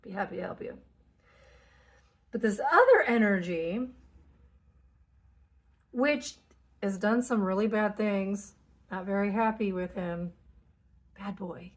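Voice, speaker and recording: A woman's voice: mid-range voice, slow pace, long pauses. A woman talking casually and candidly about spiritual energies, swearing freely and acting out inner conversations. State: tearful at moments. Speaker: spiritual channel host.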